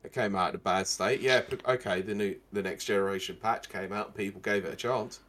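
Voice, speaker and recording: A young man with a slightly low voice co-hosts a relaxed gaming news chat. He reads the headlines aloud and cuts in with dry, sarcastic asides. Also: a little fast. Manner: sarcastic, reads news quotes and riffs on them. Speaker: podcast co-host.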